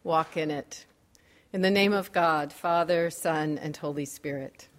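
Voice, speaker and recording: A woman preaching a sermon in a measured, wry and gently humorous way. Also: low voice, big-room sound, slight background noise.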